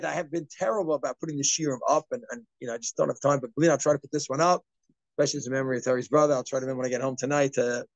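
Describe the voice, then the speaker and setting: A man gives an informal Torah class, talking quickly and animatedly. His voice sits on the higher side and is recorded close and dry. He slips into acted asides to make his points. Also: no room sound. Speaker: rabbi giving a class.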